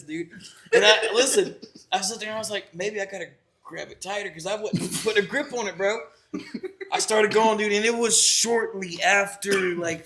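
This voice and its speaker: A man's voice: sits high, bright, forceful tone. A young man co-hosting a podcast, telling a long, profane story in a rambling, laughing way. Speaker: podcast co-host. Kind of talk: casual storytelling chat.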